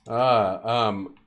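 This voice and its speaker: A young man streaming a game, rambling and joking profanely as he plays. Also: mid-range voice. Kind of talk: casual gameplay commentary.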